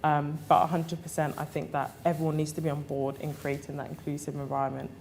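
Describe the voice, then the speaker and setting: A young woman engineer answering on a conference panel, earnest and steady, with frequent hesitation fillers. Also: low-pitched, quick pace, creaky, slight background noise. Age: young adult.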